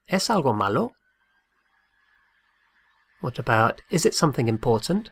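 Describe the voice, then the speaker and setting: A man's voice: medium pitch, big pitch swings, moderate pace, long pauses, fairly bright tone, husky, no room sound. A man teaching a Spanish lesson, patiently repeating each phrase and spelling words out letter by letter. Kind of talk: slow drilled language lesson.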